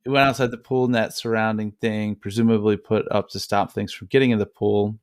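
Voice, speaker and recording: A man's voice: lowish voice, level tone, a little fast, clear, resonant tone, no echo, clean studio sound. A man co-hosting a podcast, reading listener mail aloud in a rambling, joking way with lots of fillers. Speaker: podcast co-host.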